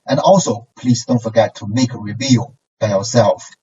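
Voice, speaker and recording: A man's voice: lowish voice, normal speed, dark tone, husky. A man teaching a language lesson, patiently modeling syllables and tones for repetition and checking in with "okay" and "right". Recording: distant, dull lo-fi sound.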